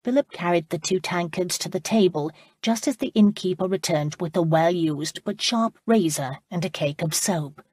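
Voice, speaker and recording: Steady female audiobook narrator, husky timbre, dry close-mic sound. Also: lowish voice, moderate pace, few pauses, no echo. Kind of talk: scripted narration.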